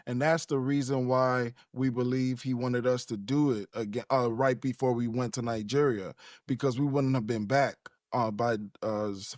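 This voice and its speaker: A man from Chicago, a guest in a conversational interview, telling his story in a laid-back way and chuckling between phrases. His voice sits at a middle pitch. It sounds dry and close to the mic. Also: no echo. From Chicago, USA.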